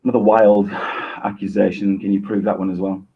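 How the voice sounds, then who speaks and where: A man arguing on a video call in a sarcastic, measured, defensive way. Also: fairly low pitch, level tone, slightly rough, highs cut off. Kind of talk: heated online argument.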